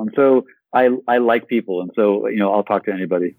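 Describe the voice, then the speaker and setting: A man being interviewed as an actor guest on a podcast, talking in an enthusiastic, animated way and often repeating words. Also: lowish voice, fast talker, no room sound, phone-quality sound.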